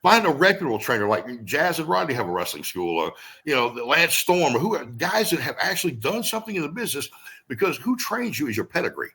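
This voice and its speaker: A middle-aged man, a veteran pro wrestler, telling stories in a casual interview, animated and profane, acting out the people he quotes. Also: a little high, fast talker.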